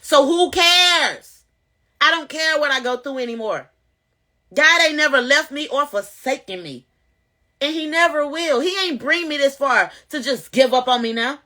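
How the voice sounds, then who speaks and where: Woman vlogger, bright and forceful voice, pitched a little high, preaches straight to viewers. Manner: animated, preachy, addresses viewers directly. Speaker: vlogger sharing testimony. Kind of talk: casual spoken testimony to camera.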